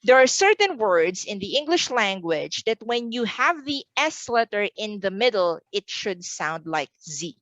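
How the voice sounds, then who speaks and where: A woman's voice: mid-range voice, big pitch swings, a little slow, few pauses, fairly bright tone, no echo, rough recording. A woman from the Philippines giving an online exam review lesson, repeating words carefully for pronunciation drills.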